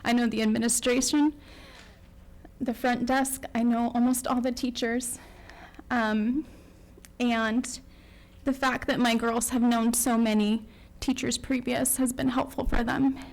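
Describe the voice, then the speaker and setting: A woman, a parent, giving a public comment at a school board meeting, emotional and near tears, halting with many pauses and apologies. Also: on the high side, level tone, low-quality recording.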